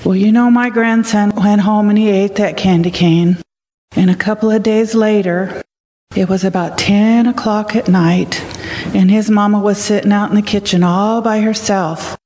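A woman's voice: medium pitch, steady tone, moderate pace, warm tone. Older woman, children's sermon storytelling, questioning, echoey church hall.

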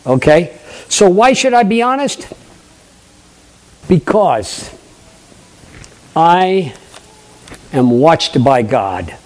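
An older man, a pastor, preaching a lively sermon, acting out conversations and questioning his congregation. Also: a little high, extremely slow, pauses often. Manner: animated preaching, acts out dialogue, asks the congregation questions.

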